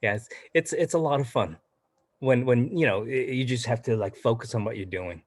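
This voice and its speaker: A man's voice: medium pitch, moderate pace, no room sound. A middle-aged man from southern Vietnam, an actor guest, chatting casually in an interview with many fillers and restarts.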